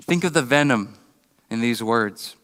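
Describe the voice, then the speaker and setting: A man preaching a sermon, earnest and halting, often restarting his words and briefly acting out mocking voices. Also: medium pitch, animated, fairly bright tone, big-room sound. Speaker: pastor. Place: church building.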